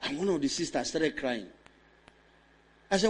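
This is a man delivering a sermon in a high voice. He moves between loud, impassioned declamation and quiet, close storytelling. He keeps asking the congregation for a response. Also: animated, moderate pace, long pauses, breathy edge. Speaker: preacher.

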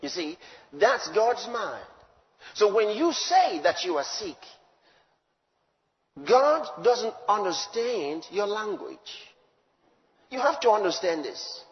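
Male preacher, high voice, emphatic sermon delivery, muffled recording with long hall reverb. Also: very animated, slow pace, long pauses. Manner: emphatic, swinging from loud declarations to low asides.

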